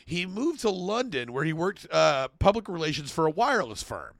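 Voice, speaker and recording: A man with a high, gravelly voice tells a story in a casual chat, laughing and swearing as he slips into voices for the people in it. The sound is dry and close. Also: normal speed, no echo. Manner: animated, laughing, swears, acts out quotes in voices. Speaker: podcast co-host.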